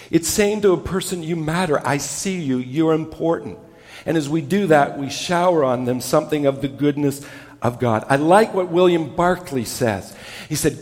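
A male pastor preaching a sermon with emphasis, dropping low and soft on key words. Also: big-room sound.

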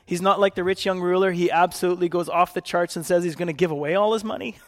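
A man's voice: sits high, fairly even intonation, fast talker, fairly bright tone, big-room sound. A man from Canada giving a sermon, telling stories with frequent laughs and acted-out quotes. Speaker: preacher.

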